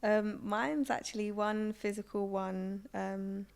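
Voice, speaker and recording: A woman's voice: medium pitch, fairly even intonation, slow pace, vocal fry, smooth. A young woman sharing personal memories in a group conversation, speaking casually with many fillers. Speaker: bereaved mother.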